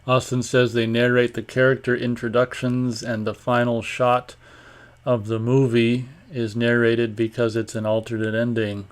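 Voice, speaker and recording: A man hosting a live online show, chatting casually and reading viewer comments aloud in a rambling, offhand way, often clearing his throat. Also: mid-range voice. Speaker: host of a live online radio stream.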